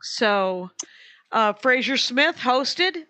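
A woman's voice: on the high side, animated, very slow, pushed and bright, no echo. A woman co-hosting a comedy podcast, chatting casually and rambling with lots of fillers and restarts. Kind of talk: casual chat.

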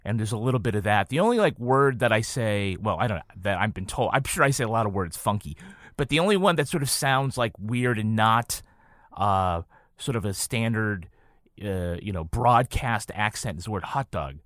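A man's voice: fairly low pitch, normal speed, dry recording, studio quality. A man from western Massachusetts, a podcast guest telling stories in casual conversation. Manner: storytelling, animated when quoting people. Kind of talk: casual chat.

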